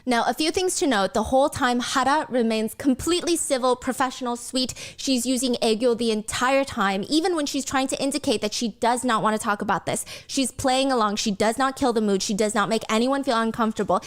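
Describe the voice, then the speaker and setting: A woman's voice: fairly high pitch, brisk, hardly any pauses. A woman hosting a reaction video, recapping a TV clip and earnestly explaining the cultural context with sympathy. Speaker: reaction channel host.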